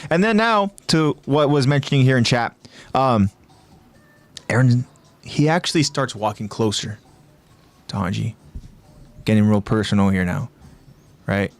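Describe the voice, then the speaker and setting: A man co-hosting a casual podcast in a mid-range voice with a smooth, resonant tone. He talks through ideas with fillers and restarts. He jumps higher when acting out quoted lines. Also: measured pace, long pauses. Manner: animated, acts out quoted lines with raised pitch; thinking aloud with many fillers and restarts. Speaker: podcast co-host.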